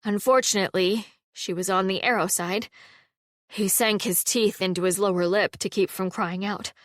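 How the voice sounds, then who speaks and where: A woman narrating a cozy fantasy audiobook in a steady, wry storytelling manner on a close mic. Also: mid-range voice, moderate pace, dry recording. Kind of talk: scripted narration.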